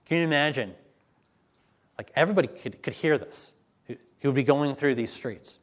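A man preaching to a congregation at a mid-pitched, ordinary tone. He reads scripture slowly and with emphasis, then drops back into plain, conversational talk with his listeners. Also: expressive. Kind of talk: sermon with scripture reading.

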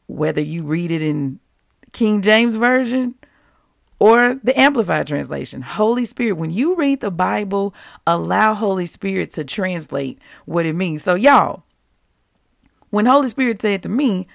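Lively, gravelly-voiced woman preaching. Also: medium pitch, no room sound, studio quality. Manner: animated, conversational preaching with scripture reading. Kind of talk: sermon.

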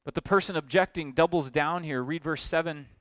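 A man preaching an expository sermon, emphatic and building to forceful points. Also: fairly high pitch, brisk, dry recording. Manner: emphatic, rising to forceful exclamations.

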